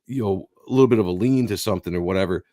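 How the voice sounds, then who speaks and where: A man with a fairly low voice hosts a casual live stream. He talks in a relaxed, chatty way, recorded dry and close. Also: rapid-fire, dry recording. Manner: laid-back, chatty, trips over words. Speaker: host. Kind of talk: casual chat.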